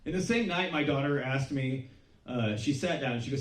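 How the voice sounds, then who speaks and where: Middle aged guy doing standup, deadpan n self-mocking, swears a lot, kinda far off mic. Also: medium pitch, normal speed. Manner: deadpan, self-deprecating, swearing freely, mimicking his daughter. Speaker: stand-up comedian. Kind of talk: stand-up comedy set. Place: small comedy club stage. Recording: roomy club sound from a distance. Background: audience laughter.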